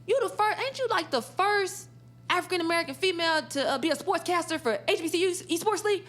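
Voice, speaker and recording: Energetic fast-talking male administrator, persuasive, quoted by a woman in her own voice. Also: very high-pitched, pitched above the performer's own voice. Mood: enthusiastic. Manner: rapid, upbeat, persuasive.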